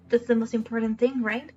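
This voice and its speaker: A woman's voice: fairly high pitch, a little mellow. A young woman streaming live, chatting earnestly and emotionally with small laughs and many restarts. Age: young adult. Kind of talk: casual live-stream chat. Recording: slightly dull lo-fi stream audio.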